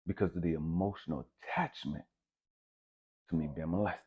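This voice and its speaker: A man giving a raw, profane personal testimony, swinging between hushed and loud. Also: sits low, fairly even intonation, normal speed, breathy edge, lo-fi sound. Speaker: speaker sharing a personal testimony.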